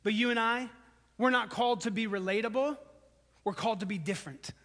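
A pastor with a fairly high voice delivers a sermon to his congregation, addressing them like friends at a fairly quick clip. He raises his voice for emphasis, then lets it fall low and soft, with a long reverb from a large sanctuary.

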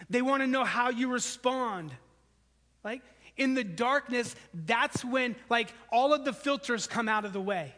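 Pastor, male, higher-pitched voice, conversational sermon delivery with lifts for emphasis and soft low drops, long hall reverb. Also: animated, a little slow. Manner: conversational preaching, rising for emphasis then dropping low and soft.

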